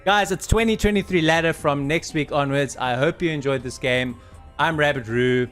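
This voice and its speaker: A man casting a video game match with animated commentary, urging the players on and out of breath. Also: a little high, moderate pace, faint music behind. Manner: animated, urges players on, laughs in disbelief. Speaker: game caster. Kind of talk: excited esports commentary.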